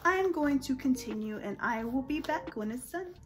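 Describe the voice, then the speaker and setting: A young woman talks through a hair tutorial in a casual, slangy, gushing way. Her voice sits a little high. Faint music plays behind her. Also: expressive, moderate pace. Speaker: beauty vlogger.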